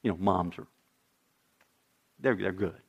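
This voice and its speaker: A man's voice: sits low, a little slow, creaky, breathy edge. A middle-aged man preaching a sermon, telling stories and acting out the dialogue in different voices. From United States. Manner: storytelling, acts out dialogue with shifting voices. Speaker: pastor.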